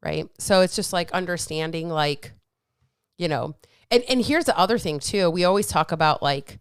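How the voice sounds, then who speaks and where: A woman hosts a casual podcast chat, speaking candidly and swearing freely as she acts out her inner voices. Her voice is smooth and clear. The sound is dry and close. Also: on the low side, normal speed, no room sound. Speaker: podcast host.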